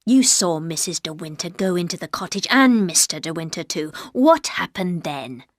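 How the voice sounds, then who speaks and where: Woman reader playing a sneering male accuser, lower, mocking, dry read. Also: animated, moderate pace, dry recording. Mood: taunting. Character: sneering bitter man accusing others.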